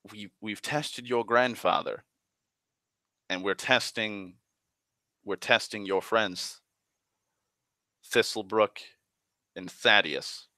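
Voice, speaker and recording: A man voicing a calm, fatherly male elf god who speaks in a quiet, measured, patient way while retelling a tabletop game. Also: on the low side, dry recording, heavily acted. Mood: explaining.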